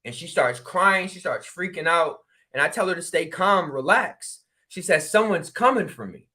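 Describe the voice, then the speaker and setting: A man from Connecticut tells a story in an easygoing, talkative way. He acts out each side of the conversation with sudden exclamations. His voice sits high and sounds bright and forceful. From New Haven, Connecticut. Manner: animated, acts out dialogue with quick exclamations. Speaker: spiritual regression practitioner. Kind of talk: storytelling in casual talk.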